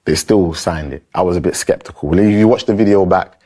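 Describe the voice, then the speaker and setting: A young man telling a story casually in an animated, slangy way. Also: deep voice, fairly quick.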